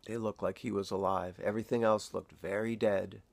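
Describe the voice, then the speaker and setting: A grieving father, older, speaking in a halting, reflective way in a personal video diary, close to tears. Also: lowish voice, steady tone, vocal fry, no echo. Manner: halting, reflective, pausing often. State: emotional, near tears.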